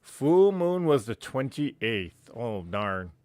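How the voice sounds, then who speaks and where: A man's voice: mid-range voice, sing-song, slow, a little mellow, no echo. A man hosting a casual livestream, chatty and laughing often as he greets viewers by name. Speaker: livestream host.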